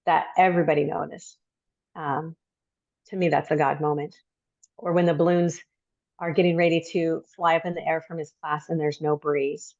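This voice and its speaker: A woman's voice: deep voice, vocal fry, darkish tone, no room sound. Reflective middle-aged woman, muffled sound. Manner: reflective, halting with many ums. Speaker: podcast guest. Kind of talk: personal story in interview.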